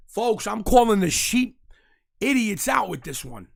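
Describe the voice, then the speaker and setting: A man, hosting a live show and telling stories in a brash, mocking, animated way. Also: high voice, fairly quick, vocal fry. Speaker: host. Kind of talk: casual live-stream rant.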